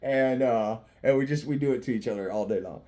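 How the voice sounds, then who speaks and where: A man in a loose, rambling monologue, full of swearing and easy laughter. His voice sits mid-range with a dark, mellow tone. He circles back on himself with restarts as he jokes. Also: mid-range voice, brisk. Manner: profane, joking, often laughing while talking; rambling with frequent restarts and fillers. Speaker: vlogger.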